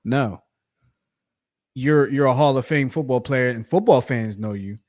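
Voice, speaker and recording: A man's voice: mid-range voice, unhurried, darkish tone. Guy on a sports podcast, mid voice, rambles and repeats himself a lot. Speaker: podcast co-host. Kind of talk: casual sports chat.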